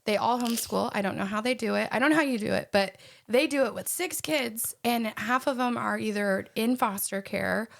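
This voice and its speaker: Woman podcast host, chatty and animated, laughs a lot, mid pitch. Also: creaky. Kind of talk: casual storytelling chat.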